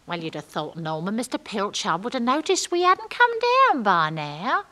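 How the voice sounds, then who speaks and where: A woman's voice: medium pitch, very animated, measured pace, bright, forceful tone. A gossipy girl. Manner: gossipy, rambling, ungrammatical storytelling. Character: chatty working-class young London woman. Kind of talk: comic character monologue.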